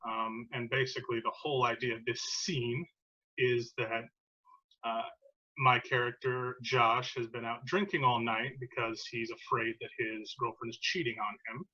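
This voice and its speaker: Male podcast host, casual chat, joking, self-deprecating, bright voice, dull lo-fi sound. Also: mid-range voice, level tone, normal speed.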